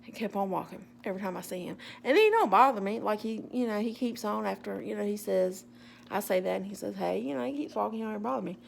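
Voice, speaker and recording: Woman, casual storytelling, animated, wry, very gravelly. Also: medium pitch, fast talker, slight background noise.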